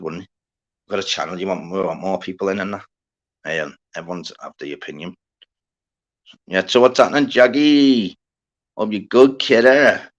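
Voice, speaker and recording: A man's voice: low-pitched, a bit bright, muffled recording. A man hosting a livestream, chatting casually and rambling to his viewers, full of slang and swearing as he greets people in the chat. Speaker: livestream host.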